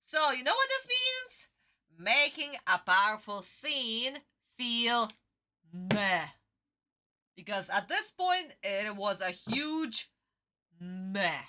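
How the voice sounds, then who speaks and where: A woman streamer giving casual livestream reaction commentary in an animated, exclamatory way, swearing freely. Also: on the high side, takes it slowly.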